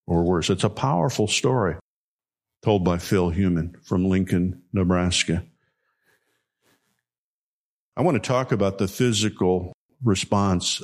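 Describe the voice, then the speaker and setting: A pastor delivering a sermon, speaking emphatically and repeating key phrases for effect. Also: male voice, sits low.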